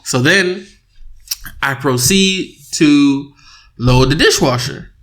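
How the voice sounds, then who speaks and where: A young man co-hosting a casual podcast with his wife, telling an animated story, laughing often and acting out both sides of an argument. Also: on the high side, slow. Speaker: podcast co-host. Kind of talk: casual married-couple podcast chat.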